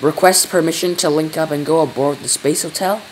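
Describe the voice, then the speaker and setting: A man's voice: on the high side, steady tone, brisk, slight background noise, lightly acted, rough recording. A man voicing an eager, gushing male astronaut reporting in a storybook reading.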